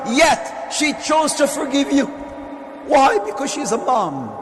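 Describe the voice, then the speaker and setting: Male preacher with a very high voice, fervent and repetitive, recorded in a reverberant prayer hall. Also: big pitch swings, takes it slowly. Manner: impassioned, repetitive phrasing, rising to shouts. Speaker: visiting sheikh and speaker. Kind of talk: sermon to a live congregation. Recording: echoey hall with faint room noise.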